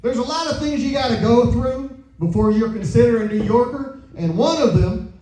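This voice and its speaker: A man's voice: extremely high pitch, moderate pace, warm tone, a little hiss or hum. A man from South Louisiana with a Southern accent doing a stand-up set, with loose drawling banter. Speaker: stand-up comedian and show emcee. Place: comedy club stage. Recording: echoey club heard from a distance with audience. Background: audience laughter.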